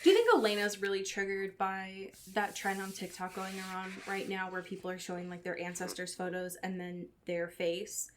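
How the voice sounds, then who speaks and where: A woman's voice: medium pitch, little pitch movement, moderate pace, few pauses, noisy background. A woman co-hosting a podcast in casual chat, retelling scenes in quoted voices and swearing casually. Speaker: podcast co-host. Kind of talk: casual chat recapping a TV show.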